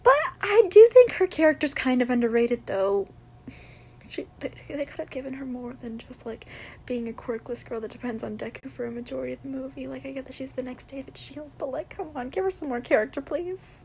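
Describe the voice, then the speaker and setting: Brief: young-sounding woman, high voice, gushing casual fan chatter with squeals. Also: brisk, creaky, slight background noise. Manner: gushing, bursts into excited squeals. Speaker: fan video creator.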